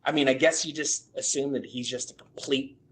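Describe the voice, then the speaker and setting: A man co-hosting a horror film podcast, retelling scenes in a rambling, halting way in casual chat. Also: mid-range voice, steady tone, a bit bright, slight background noise. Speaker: podcast co-host reviewing horror films.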